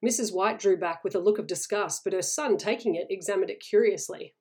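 A woman narrating a story in a steady, even read-aloud manner. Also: medium pitch, a little fast. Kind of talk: storybook reading.

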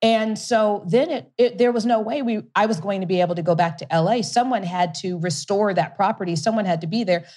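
A middle-aged woman with a mid-range, darkish voice talks briskly, barely pausing. Being interviewed as the founder of a whiskey company and an investor, she tells her story with energy, laughs often, and keeps restarting sentences.

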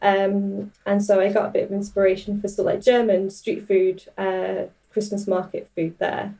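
Woman hosting a food podcast, dark gravelly voice, rambly with lots of ums. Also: medium pitch, monotone, normal speed, distant mic, poor audio. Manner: chatty, enthusiastic, many fillers. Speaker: podcast host. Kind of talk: casual food chat.

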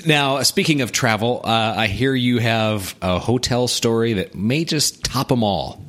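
A man hosting a podcast, introducing his guest in a measured, friendly way and chatting casually. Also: mid-range voice, a bit bright. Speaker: podcast host. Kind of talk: host introduction and casual chat.

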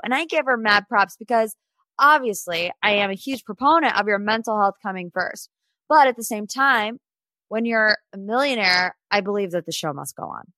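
With a fairly high, pushed and bright voice and no room sound, this twenty-something podcast host chats casually about pop culture. She's talkative and opinionated as she goes through the celebrity news.

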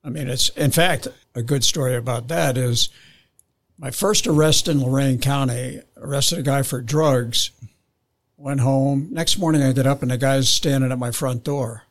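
A man's voice: medium pitch, steady tone, moderate pace. A man who works as a police officer telling a casual story on a podcast, rambling a bit and restarting his sentences.

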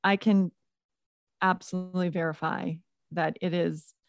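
A woman in her forties co-hosting a faith podcast, telling a story lively and acting out the dialogue. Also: fairly low pitch, a little slow, gravelly, no echo, muffled recording. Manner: animated storyteller, acts out dialogue. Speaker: podcast co-host. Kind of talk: casual faith podcast chat.

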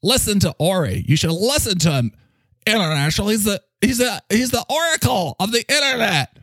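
A man's voice: high voice, lively intonation, fairly bright tone, husky, dry recording, full character voice. A man voicing a pompous, bossy male playhouse leader in an improvised comedy bit, stretching his words out grandly. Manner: drawn-out, bossy, grandiose delivery.

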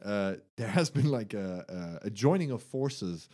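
A man's voice: lowish voice, moderate pace, husky. A man, chatting casually among friends. He laughs often, swears, and acts out quotes while telling stories. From Germany. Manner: laughing, swearing, animated storytelling with acted-out quotes. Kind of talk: casual chat.

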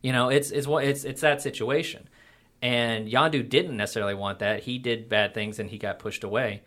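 A man's voice: medium pitch, fairly even intonation, normal speed, fairly bright tone. A man co-hosting a casual movie discussion, rambling through his points and correcting himself as he goes. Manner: rambling, self-correcting analysis. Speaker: podcast co-host.

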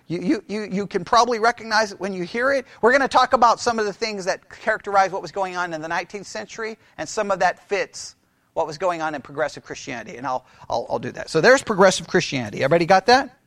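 A man's voice: sits high, fairly bright tone, dry recording. A man lecturing a Bible class in a conversational way, quizzing his listeners and repeating key phrases.

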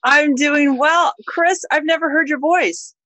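A woman's voice: sits high, a little slow, bright, forceful tone, dry recording. Chatty woman podcast host, dry sound. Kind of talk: casual interview chat.

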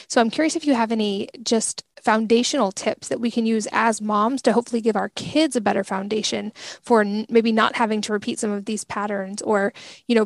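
Fast-talking woman host, gravelly edge. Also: a little high, no echo. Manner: chatty, thinks aloud with fillers. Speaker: podcast host and mom. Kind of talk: interview question.

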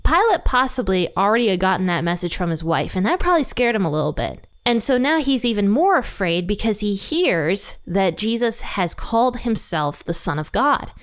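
A woman's voice: medium pitch, very animated, moderate pace, hardly any pauses. A woman teaching a Bible passage in a casual, conversational way, retelling the scripture in everyday words.

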